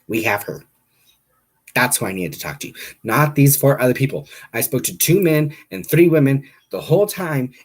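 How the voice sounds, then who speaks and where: Man, live stream host, casual storytelling, husky voice, animated and exasperated. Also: medium pitch. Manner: animated, exasperated, talks to viewers directly. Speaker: livestream host.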